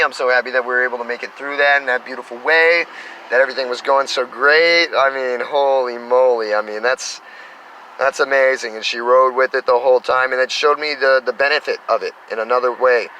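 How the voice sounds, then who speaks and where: Vlogger, man in his thirties, bright forward tone, meandering and upbeat, outdoors with faint traffic behind. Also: mid-range voice, fairly even intonation, brisk, rough recording. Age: 30s. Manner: enthusiastic, meandering, spiritual self-talk. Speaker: spiritual vlogger. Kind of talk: rambling casual monologue.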